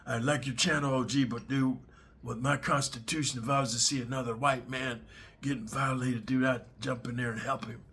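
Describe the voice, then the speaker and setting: A man voicing a boastful young male online commenter in a low, mumbled tone. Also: fairly even intonation, fairly quick, fairly bright tone, husky. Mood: mocking.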